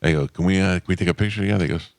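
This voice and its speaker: A man hosting a radio talk show, relaxed and chatty, telling his own story. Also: sits low, racing, no echo, clean studio sound. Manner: relaxed, interjecting, laughs along. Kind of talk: casual talk radio chat. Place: radio studio.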